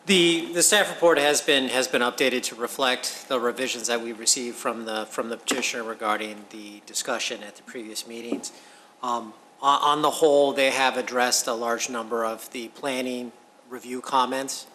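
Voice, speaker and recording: A man's voice: medium pitch, fairly even intonation, normal speed, sharp tone, slight background noise, poor audio. A man giving a planning staff report at a public meeting, careful and restarting phrases.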